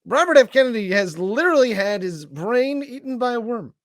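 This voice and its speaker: A man's voice: very high-pitched, very animated, brisk, no room sound, clean studio sound. A man co-hosting a comedy podcast, reacting to clips with sarcastic jokes. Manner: sarcastic, joking. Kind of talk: casual comedic reaction commentary.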